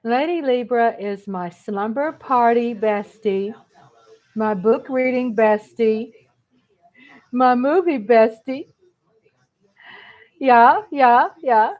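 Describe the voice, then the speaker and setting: A woman's voice: on the high side, slow pace, long pauses, muffled recording. A woman hosting a casual live chat, greeting viewers by name and laughing often. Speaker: livestream host.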